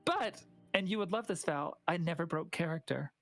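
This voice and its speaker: A woman's voice: on the low side, moderate pace, soft background music. Wry older woman guest. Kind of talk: casual chat.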